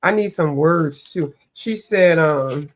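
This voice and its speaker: A livestream host with a low, slow voice chats casually while she colors, rambling and searching for names. She sounds a bit stuffy from allergies.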